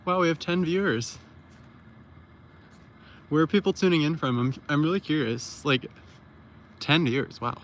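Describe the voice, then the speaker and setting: A man's voice: fairly high pitch, moderate pace, long pauses, a little hiss or hum. Breathless man chatting outdoors at night. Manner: chatty, thinking aloud while setting up gear. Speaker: livestream host. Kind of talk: casual live-stream chat.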